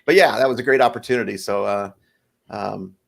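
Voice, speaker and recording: A man in his forties, a stand-up comedian chatting as a guest about a recent show, relaxed and anecdotal. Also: lowish voice, brisk, creaky. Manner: animated storyteller, acts out bits. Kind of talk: stand-up set then casual interview.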